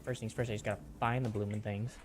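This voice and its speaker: Streaming a game, a man with a lowish voice talks fast with little pitch movement. His casual commentary is chatty self-talk sprinkled with mild minced oaths.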